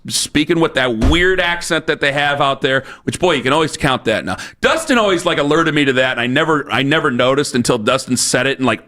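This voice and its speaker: A man's voice: on the high side, sharp tone. A man hosting sports talk radio, ranting in a fired-up, repetitive, challenging way on a studio microphone.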